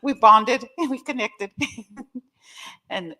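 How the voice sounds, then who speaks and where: A woman's voice: on the high side, takes it slowly, sharp tone. Candid woman giving testimony. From Oklahoma. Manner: candid, emotional and joking, addresses the crowd directly. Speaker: guest speaker at a recovery meeting. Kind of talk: personal testimony talk.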